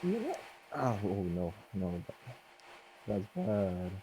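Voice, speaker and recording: A man in casual banter, forcing a strained, high girlish voice that sounds hoarse. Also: big pitch swings, slow, warm tone, rough recording.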